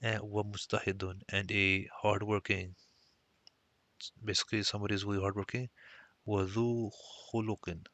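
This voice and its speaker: A man's voice: lowish voice, flat delivery, normal speed, a bit bright, dry recording. A man teaching a recorded language lesson, explaining step by step and mixing Arabic phrases into his English.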